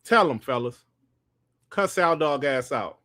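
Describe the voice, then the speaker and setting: An older man hosting a casual gaming podcast, reading the live chat and trash-talking with loud, profane banter and frequent laughter. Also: on the high side, expressive, a little slow, no echo, clean studio sound.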